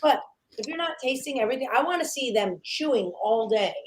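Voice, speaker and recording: A woman chef chatting casually on a podcast, lively and talkative, often acting out what she says to herself. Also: fairly high pitch, brisk, slight background noise. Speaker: chef and guest cohost.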